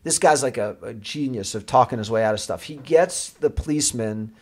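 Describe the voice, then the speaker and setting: A man guest on an interview show, a sports agent, telling a story with lively energy and frequent laughs. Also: mid-range voice, brisk. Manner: lively, laughing, acts out other voices. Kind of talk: animated anecdote storytelling.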